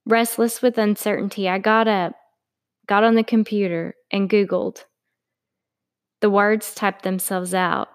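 A woman's voice: mid-range voice, fairly even intonation, a little slow, smooth. A woman, author and narrator reading her own story in a friendly, chatty way.

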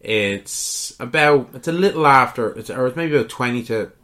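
A man narrating as game master in a relaxed, conversational way, often pausing on fillers. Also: medium pitch.

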